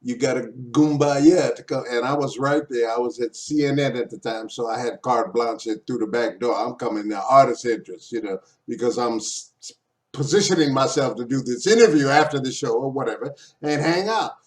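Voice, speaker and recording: A man's voice: medium pitch, fairly quick. A man hosting a casual interview, chiming in eagerly and trading his own anecdotes. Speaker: interview host.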